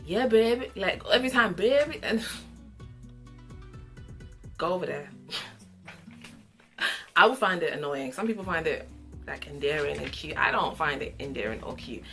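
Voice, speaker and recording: Sassy low-voiced woman reviewer. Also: takes it slowly, long pauses, faint music behind. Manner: opinionated, sassy, animated asides. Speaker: reality show reviewer. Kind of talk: casual commentary review.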